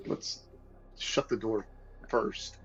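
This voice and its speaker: A man playing a tabletop game, brisk and matter-of-fact about the plan. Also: lo-fi sound, soft background music. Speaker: player. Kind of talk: casual game chat.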